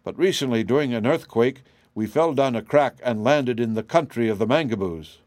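A man's voice: mid-range voice, moderate pace, a little mellow, no echo, close to an everyday voice. A man voicing a polite, careful wizard traveler in an audiobook, speaking in a courteous, explanatory way. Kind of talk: audiobook character reading.

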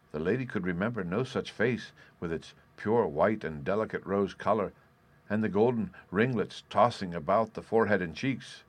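A man narrating a storybook in a steady, measured reading. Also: lowish voice.

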